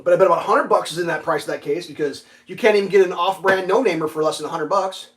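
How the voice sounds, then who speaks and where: A man's voice: high voice, fast talker, fairly bright tone. A man telling a rambling, profane story on a casual livestream, full of fillers and restarts. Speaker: livestream host.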